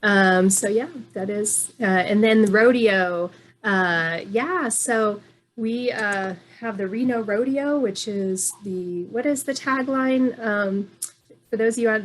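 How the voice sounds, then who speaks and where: A woman chatting casually as a guest from Reno, halting, with many fillers and restarts. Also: mid-range voice, slight background noise. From moved to Nevada from elsewhere. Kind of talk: casual online chat.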